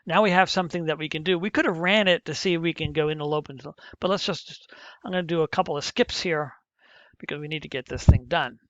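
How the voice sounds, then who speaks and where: A middle-aged male teacher talks fast in a fairly high, a bit bright voice as he works through a programming lesson step by step, muttering while he types. The screen-recorded lesson has no echo but comes through a muffled, dull lo-fi mic.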